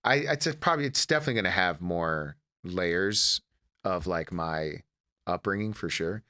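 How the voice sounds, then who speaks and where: A man's voice: deep voice, moderate pace. A man in his thirties, from Detroit, who works as a comedian and actor and tells family stories as a podcast guest, acting out the scenes as he goes. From United States, Detroit. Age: 30s. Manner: animated storyteller, acts out family scenes. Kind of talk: casual interview storytelling.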